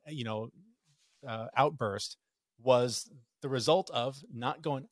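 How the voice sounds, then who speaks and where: A man in his thirties, a podcast guest telling a family story in casual conversation, lively when he quotes others. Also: medium pitch, unhurried, no room sound, studio quality.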